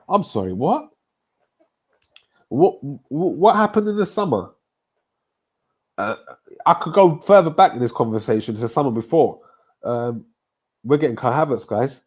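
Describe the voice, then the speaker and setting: A man's voice: mid-range voice, animated, measured pace, pauses often, a little mellow. A young man, ranting sarcastically in a casual football chat. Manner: sarcastic, mocking rant. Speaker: podcast host.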